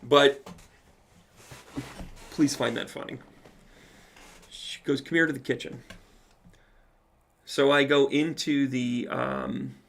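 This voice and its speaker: A man with a gravelly edge to his mid-pitched voice tells a long personal story during a live question-and-answer session. He is a medium, animated and casual, and he drops the odd swear word. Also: slow pace, pauses often. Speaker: psychic medium.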